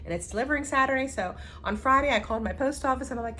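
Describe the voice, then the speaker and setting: A woman co-hosting a casual stitching chat, telling stories with lively acted-out quotes. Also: high voice, very fast. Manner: animated storyteller, acts out quotes. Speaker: flosstube co-host.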